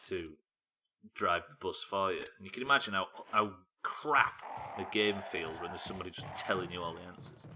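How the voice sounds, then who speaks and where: A man's voice: on the low side, noisy background. Chatty Yorkshire man streaming a game. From Yorkshire, England. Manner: chatty, joking, talks to chat while playing. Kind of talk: casual game-stream chat.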